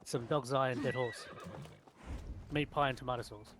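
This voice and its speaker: A man's voice: medium pitch, steady tone, moderate pace, noisy background. A man with an Australian accent, co-hosting a casual podcast chat and explaining slang. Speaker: podcast co-host.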